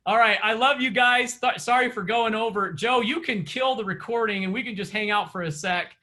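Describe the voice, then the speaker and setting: Man, coach, high voice, bright tone, casual storytelling, laughs often. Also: lively intonation, a little slow. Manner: chatty, laughs often, tells stories. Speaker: real estate sales coach. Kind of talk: casual coaching session to a group.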